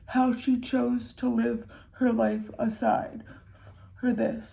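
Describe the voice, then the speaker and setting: A young woman giving a casual commentary monologue, unhurried and hesitant, with sarcastic asides and frequent restarts. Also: on the high side, flat delivery, vocal fry, dark tone. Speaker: commentary creator.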